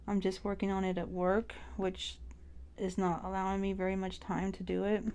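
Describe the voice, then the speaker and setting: A woman's voice: medium pitch, dark tone, clear, resonant tone. A woman in her forties, chatting casually about her stitching projects in a rambling way. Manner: rambling and chatty, full of fillers. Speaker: cross stitch vlogger. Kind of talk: casual chat while stitching.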